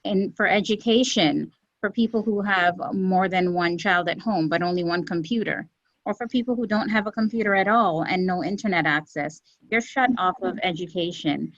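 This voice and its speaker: Earnest woman, low voice, muffled line. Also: a bit bright, dry recording. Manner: earnest, measured, pauses with fillers. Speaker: executive director of a community health center, guest. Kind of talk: podcast interview answers.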